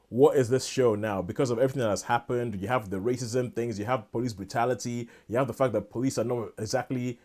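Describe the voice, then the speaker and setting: A man's voice: medium pitch, darkish tone. A man co-hosting a casual podcast chat, rambling and enthusiastic, often restarting his sentences. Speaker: podcast co-host.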